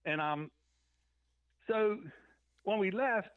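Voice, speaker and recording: This musician guest speaks slowly in a high-pitched voice, with no echo on the recording. He rambles through band anecdotes for a casual interview, acting out remembered quotes, heard over a tinny phone line.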